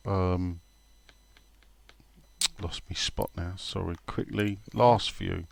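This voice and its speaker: A man's voice: low voice, extremely slow, gravelly, pauses often, dry recording. A man co-hosting a casual football podcast, reading listener questions and drifting into laughing anecdotes. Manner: rambling, laughing storyteller.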